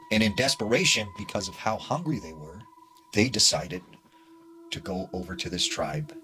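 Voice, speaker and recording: A man narrating a spooky true story in a hushed, dramatic way with casual fillers. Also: lowish voice.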